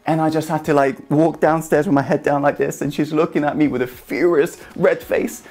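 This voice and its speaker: Husky earnest man coaching. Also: a little high, fairly even intonation, fairly quick, darkish tone. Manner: earnest, emphatic, keeps addressing the viewer as one person. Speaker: motivational YouTube host. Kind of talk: direct-to-camera coaching talk.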